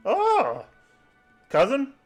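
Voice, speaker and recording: A man's voice: extremely high pitch, huge pitch swings, extremely slow, soft background music, pitched above the performer's own voice, exaggerated voice. A man voicing a cocky, cheerful male gnome in a tabletop game, chatty and boastful.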